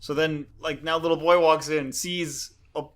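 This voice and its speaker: A man's voice: fairly high pitch, steady tone, normal speed, a bit bright. A man on a podcast casually retelling manga scenes to his friends, quoting the characters' dialogue. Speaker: podcast co-host. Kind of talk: casual chat about a manga.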